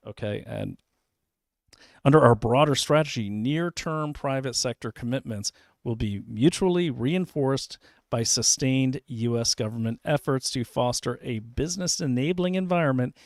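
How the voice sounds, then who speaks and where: A man's voice: medium pitch, normal speed, no echo, studio quality. A man hosting an investigative online show, reading documents aloud on a shared screen and breaking in with sarcastic asides. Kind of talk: online commentary while screen-sharing.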